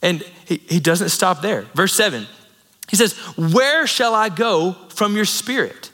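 A man's voice: high voice, animated, unhurried, pushed and bright. A man in his thirties preaching a sermon in a conversational, storytelling way, with asides to the congregation. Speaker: pastor. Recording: long reverb in a large hall.

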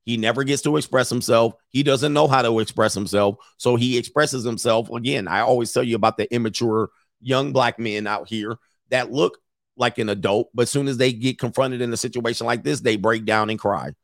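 A man's voice: medium pitch, steady tone, brisk, creaky, dry recording, clean studio sound. A man giving casual, blunt reaction commentary to a video clip, speaking straight to his male viewers and swearing freely. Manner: blunt, profane, addresses viewers as gentlemen.

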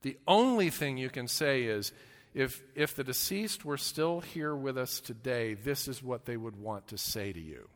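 A man preaching a sermon as a pastor, earnest, often restarting his words and swinging between loud emphasis and hushed, slow lines. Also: mid-range voice, expressive. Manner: earnest, with repeated restarts and stammers. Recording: long hall reverb.

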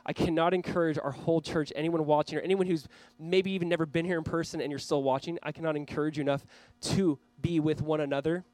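A pastor delivers a sermon in an earnest, urging way, his voice sitting a little high for a man. The sound is dry and close, with almost no room echo. He talks straight to the camera for viewers at home. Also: steady tone, fast, few pauses, darkish tone. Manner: earnest, urging the listeners directly. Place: church, speaking to a camera for online viewers.

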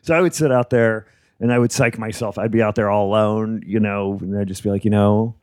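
A man's voice: lowish voice, fairly even intonation, brisk, dry recording, clean studio sound. A man from New Jersey, a stand-up comedian, telling laid-back anecdotes in casual podcast chat.

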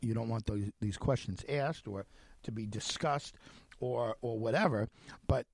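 A radio host telling a story in a monologue, speaking animatedly with many restarts and acting out the quoted conversations. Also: male voice, medium pitch, unhurried, slightly rough, no room sound. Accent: Long Island.

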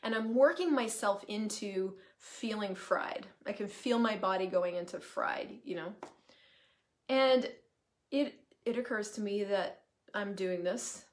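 Woman, live-stream host, chatty, emphatic, casual swearing, middle pitch. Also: unhurried. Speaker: certified facilitator hosting a live video.

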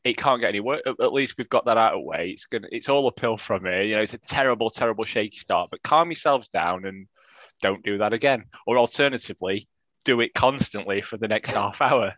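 A man's voice: on the low side, brisk, fairly bright tone, no echo. A man co-hosting a casual football podcast, chatty and self-mocking. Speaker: podcast co-host.

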